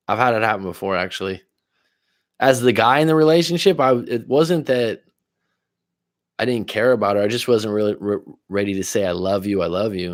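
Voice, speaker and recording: A man's voice: on the low side, dry recording, clean studio sound. A man coaching on relationships during a livestream, chatting casually, reading viewer comments and telling personal stories with frequent laughs.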